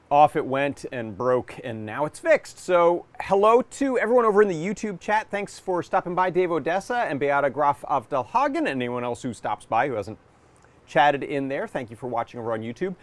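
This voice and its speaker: A man at a mid pitch hosts a live workshop stream in a relaxed, chatty way, leaving fillers and restarts in as he goes. He is still getting over a cold, so his voice sounds a little congested. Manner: chatty, friendly, loose with fillers. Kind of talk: casual live-stream talk. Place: home workshop.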